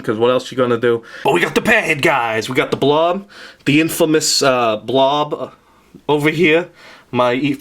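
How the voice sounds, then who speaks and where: Man, casual vlog, rambling, jokey, middle pitch, at home. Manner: rambling and jokey, lots of "uh" and "we got". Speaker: vlogger showing his toy collection. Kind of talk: casual home video tour.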